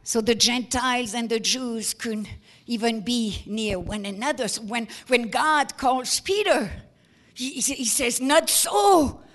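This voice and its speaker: A woman pastor preaching a sermon emphatically, repeating words as she builds to shouted peaks. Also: fairly high pitch, a little slow.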